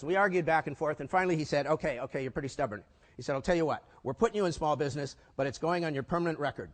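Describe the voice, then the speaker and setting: An older man giving a conference talk, telling lively stories and tossing rhetorical questions at the audience. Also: a little high, fast talker. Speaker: keynote speaker. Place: conference hall before a live audience. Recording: long reverb of a large hall.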